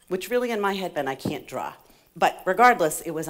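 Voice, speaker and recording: A middle-aged woman giving a playful, animated motivational talk to a live conference audience, laughing often and joking with the crowd. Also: mid-range voice, fast. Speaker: conference speaker. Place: conference hall stage.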